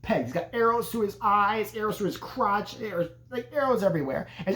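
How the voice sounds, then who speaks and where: A man's voice: high-pitched, lively intonation, brisk, few pauses, noisy background. Sarcastic, foul-mouthed male movie reviewer. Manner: profane and sarcastic. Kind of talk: casual movie recap.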